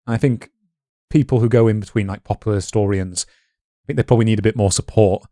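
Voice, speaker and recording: A man co-hosting a history podcast, talking fast and chatty, with asides. His voice is low and mellow, recorded close and dry. His runs through the talk. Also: dry recording. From north of England. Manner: quick-talking, chatty, adds context and asides. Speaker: podcast co-host. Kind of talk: casual history podcast chat.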